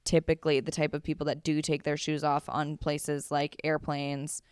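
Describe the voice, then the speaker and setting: A woman's voice: sits low, completely flat delivery, smooth, no echo, clean studio sound. A woman co-hosting a podcast, chatting bluntly and casually with plenty of swearing. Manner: blunt, frequent swearing, quick agreeing interjections. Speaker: podcast co-host. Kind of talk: casual chat.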